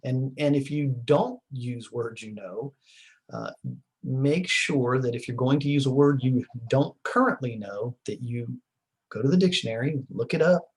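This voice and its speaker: A man's voice: mid-range voice, a little slow, slightly rough, low-quality recording. A middle-aged man giving a recorded class lecture in a rambling, conversational way, with many fillers and restarts. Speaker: teacher.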